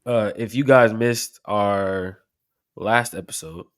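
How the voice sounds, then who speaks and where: A young man co-hosting a podcast, giving a relaxed sign-off with some fillers. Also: on the low side, slow pace, smooth. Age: young adult. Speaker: podcast co-host. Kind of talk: podcast outro.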